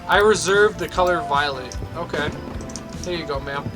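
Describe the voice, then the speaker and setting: Young male gamer host, ranting and cursing for laughs, high bright voice, game music faint underneath. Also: moderate pace. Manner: ranting, sweary, mock-angry. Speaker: gaming video host. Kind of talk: let's play commentary.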